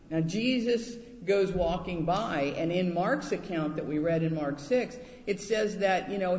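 A man preaching a sermon, telling a personal story and acting out quoted voices with lively pitch jumps. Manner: animated, acts out quotes in high voices. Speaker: pastor. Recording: echoey hall, dull lo-fi sound.

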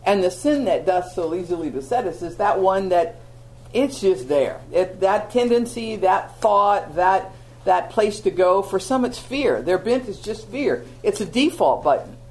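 A woman teaching a Bible lesson to a live audience, telling stories with animated, self-mocking humor. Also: medium pitch, measured pace, low-quality recording.

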